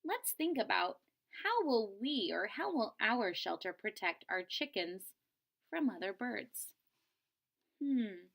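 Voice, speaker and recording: A woman's voice: medium pitch, sing-song, slow pace, creaky, fairly bright tone. A woman teacher reading a picture book aloud to children, expressively and stopping to explain word meanings. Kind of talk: read-aloud storybook lesson.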